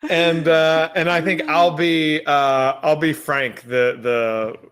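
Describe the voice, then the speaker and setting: A man appearing as a guest filmmaker on a podcast, chatting enthusiastically and repeating words when excited. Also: a little high, takes it slowly, smooth. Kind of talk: casual interview chat.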